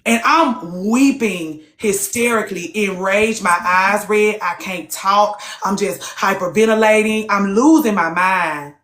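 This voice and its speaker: A woman's voice: medium pitch, unhurried, few pauses, a bit bright. A woman hosting a live group talk, blunt and profane, firing off rhetorical questions to her listeners. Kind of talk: casual heated talk to listeners. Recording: echoey room sound.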